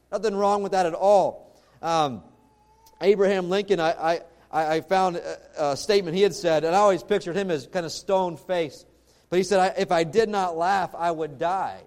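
A man's voice: sits high, darkish tone. A man preaching a sermon, a father of five who tells family stories in a loose, conversational way with frequent restarts. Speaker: pastor.

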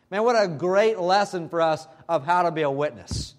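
A man's voice: on the high side, moderate pace, hardly any pauses. A man preaching a sermon emphatically, weaving in scripture quoted in old-fashioned wording.

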